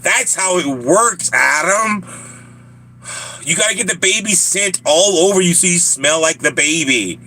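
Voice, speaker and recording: A man's voice: high voice, animated, measured pace, bright, forceful tone. Laughing joking man with a Southern accent. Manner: joking, laughing often, rambling to chat. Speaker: live streamer. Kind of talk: casual live stream chat.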